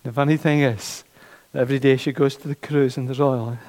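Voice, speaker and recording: A man preaching a sermon, animated, repeating his phrases and acting out the voices of doubters. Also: mid-range voice, fairly quick. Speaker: pastor. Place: church. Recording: long church reverb.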